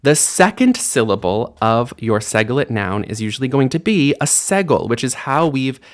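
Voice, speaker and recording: A man's voice: medium pitch, big pitch swings, normal speed. A man teaching an online language lesson in a casual, friendly way, explaining grammar and repeating words aloud for practice. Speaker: Hebrew teacher.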